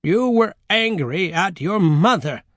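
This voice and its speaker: A fussy old grandmother, shrill and easily shocked, who clucks over every grim detail, as a man puts her on. Her voice rides high and the sound is close and dry. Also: animated, slow, fairly bright tone, dry recording, heavily acted. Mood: matter-of-fact. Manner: clucking, exclaiming.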